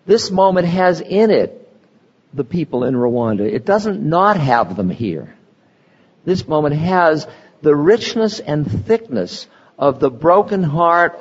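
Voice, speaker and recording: An older man giving a slow, meditative spiritual talk, pausing between words, recorded lo-fi in a reverberant hall. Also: fairly high pitch. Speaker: spiritual teacher.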